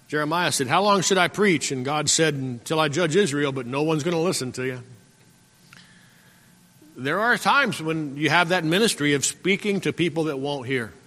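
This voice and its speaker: Male pastor, sermon, fairly high voice, repetitive exhortation, throat clearing, long echo of a church hall. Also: bright, forceful tone. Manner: repetitive, exhorting, calls out "Amen?". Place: church sanctuary.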